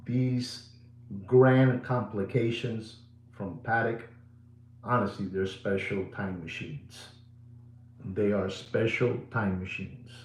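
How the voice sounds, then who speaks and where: A middle-aged man hosting a live watch sales show. He is repetitive and showy, swings between booming and hushed delivery, and slips Spanish words into his English. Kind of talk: live sales pitch to viewers. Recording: roomy echo.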